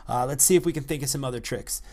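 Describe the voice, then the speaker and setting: A man giving an unscripted coaching talk into a microphone, energetic and repetitive, often checking in with "all right?". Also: medium pitch, fast talker. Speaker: real estate investing coach. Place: by the ocean.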